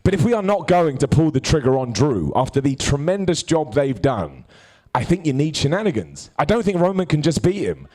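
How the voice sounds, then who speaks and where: A man's voice: a little high, a little fast. A man hosting a live wrestling review show, joking and bantering with people in the crowd. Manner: jokey, animated, bantering with hecklers.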